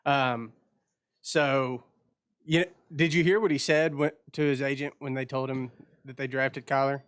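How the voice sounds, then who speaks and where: A man's voice: medium pitch, fairly even intonation, a little slow, smooth, no echo, clean studio sound. A man co-hosting a podcast, chatting about football in an easygoing, agreeable way. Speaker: podcast co-host. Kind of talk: casual sports chat.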